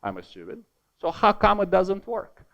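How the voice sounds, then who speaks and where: A man giving an academic conference keynote, lively and emphatic, repeating words for stress and adding joking, self-deprecating asides. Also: high voice, moderate pace, vocal fry, dull audio. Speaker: keynote speaker.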